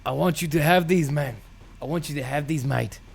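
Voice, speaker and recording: A man's voice: fairly high pitch, a little fast, gravelly, slightly rough. A man doing a put-on for a brash, sulky young male tennis star who talks slangy and drawn out. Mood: earnest.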